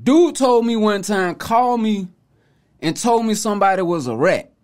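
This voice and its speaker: A man's voice: high voice, lively intonation, normal speed, darkish tone. A man hosting a podcast, delivering an opinionated commentary monologue in casual slang, mocking and preachy. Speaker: podcast host.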